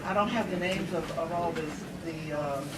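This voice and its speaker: A woman hosting a community meeting as a congresswoman, giving formal opening remarks into a handheld microphone, halting and pausing with fillers. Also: lowish voice. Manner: formal, halting delivery with frequent pauses and fillers. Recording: distant mic, noisy meeting room.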